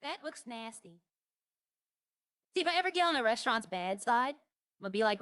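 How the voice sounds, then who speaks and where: A young woman with a fairly high voice chats casually while streaming a roleplay game, musing aloud and listing items as she browses. The sound is dry and close, with no room echo. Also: sing-song, normal speed, long pauses, a bit bright.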